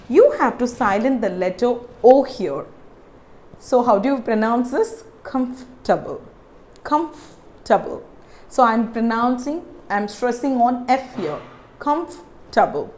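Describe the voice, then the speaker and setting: A woman with an Indian English accent teaching pronunciation, repeating words slowly and checking in with her viewers. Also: a little high, a little mellow. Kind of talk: pronunciation lesson.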